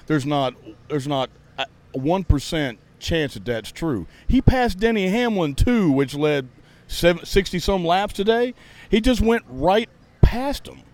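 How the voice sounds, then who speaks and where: A man's voice: fairly high pitch, lively intonation, unhurried, a little mellow. A man, a podcast host and racing fan, ranting in a heated, sarcastic, profane way during a casual chat. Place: outdoors at a racetrack.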